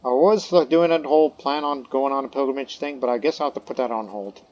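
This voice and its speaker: A man's voice: mid-range voice, fast, a little mellow, highs cut off. A man giving casual gameplay commentary, thinking aloud, muttering to himself and reading game text aloud. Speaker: let's play commentator.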